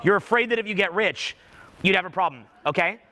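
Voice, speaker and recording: High bright-voiced energetic speaking coach. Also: male voice, brisk. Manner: commanding, energetic, urging. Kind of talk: live coaching workshop.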